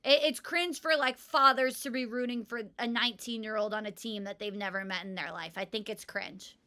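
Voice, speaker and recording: A woman's voice: fairly high pitch, steady tone, a little fast, bright, forceful tone. A young woman co-hosting a casual podcast chat, giggly and opinionated with a playful manner. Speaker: podcast co-host.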